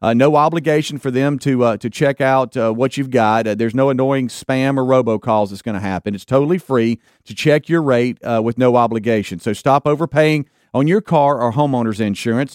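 A man's voice: mid-range voice, moderate pace, hardly any pauses, a little mellow, dry recording, studio quality. A middle-aged man hosting a casual talk radio show, rambling with lots of fillers and restarts.

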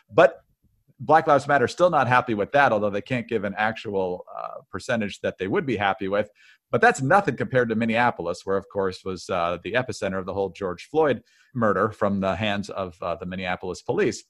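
A man co-hosting a political commentary podcast, speaking hesitantly with frequent filler pauses. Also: medium pitch, fairly bright tone. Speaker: podcast co-host.

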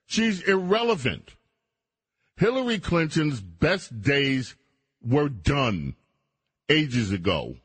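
Husky-voiced male talk radio host. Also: mid-range voice, very animated, measured pace, dry recording. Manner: opinionated, emphatic, mocking asides.

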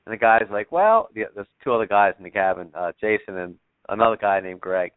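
A bow hunter on a podcast tells a story in a rambling way, swearing casually and using lots of fillers. His lowish voice is smooth and steady at a quick pace, with no room sound. The tinny, phone-like line suggests a remote connection.

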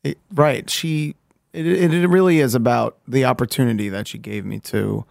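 A man on a podcast recounting a painful family story in a halting, candid way, restarting sentences and swearing casually. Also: mid-range voice, gravelly, a little mellow, no echo, studio quality. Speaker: podcast co-host.

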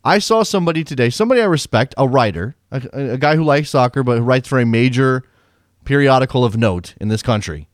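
A man's voice: mid-range voice, lively intonation, quick pace, no echo, clean studio sound. An American man co-hosting a casual soccer podcast, talking in a rambling, opinionated way and often restarting his sentences. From United States. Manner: rambling, self-interrupting, opinionated. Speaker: podcast co-host.

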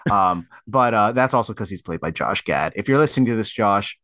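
A man's voice: fairly low pitch, lively intonation, fairly quick, a bit bright, no echo, clean studio sound. A man chatting casually as a guest on a podcast, enthusiastic, often laughing and restarting his sentences. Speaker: podcast guest film critic. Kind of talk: casual chat.

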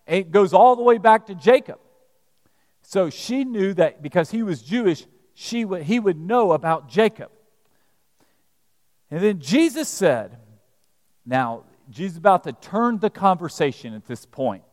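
Guy giving a sermon, chatty storyteller, lively pitch, big echoey church. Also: measured pace. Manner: storytelling, conversational. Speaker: preacher. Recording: reverberant church hall.

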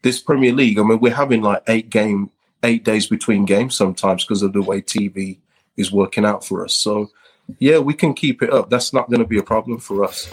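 A man with a low, slightly husky voice joins a casual football chat as a guest. He lays out his points in a steady, measured way. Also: poor audio.

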